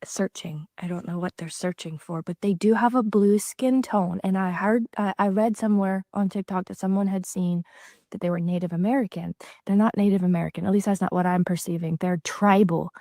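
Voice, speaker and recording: A self-described psychic woman recording a social media clip, shaken and emotional, halting, often dropping into whispers. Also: medium pitch, steady tone, warm tone, no echo, studio quality. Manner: halting, shaky, slipping into whispers.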